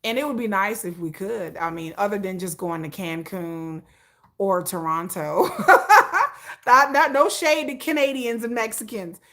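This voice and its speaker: A woman hosting a casual livestream, animated and opinionated, often breaking into laughter. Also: medium pitch, measured pace. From United States. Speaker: livestream host.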